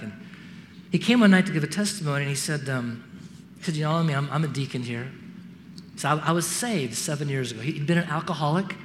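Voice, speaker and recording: A man's voice: on the high side, long reverb tail, a little hiss or hum. A man giving a sermon, telling stories and acting out the voices of people in them. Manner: animated, acts out voices in stories. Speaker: preacher. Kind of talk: sermon with storytelling.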